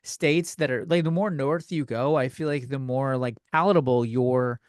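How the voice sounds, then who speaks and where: A man's voice: mid-range voice, moderate pace, smooth, no echo, clean studio sound. A man with a Californian accent hosting a podcast, chatting in a joking, rambling, profane way. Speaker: podcast host. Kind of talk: casual comedic chat.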